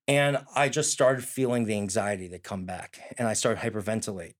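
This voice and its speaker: A man's voice: on the low side, fairly even intonation, a little fast, hardly any pauses. A young man, a student, giving an earnest personal testimony in a conversation. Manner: earnest, storytelling with quoted prayers.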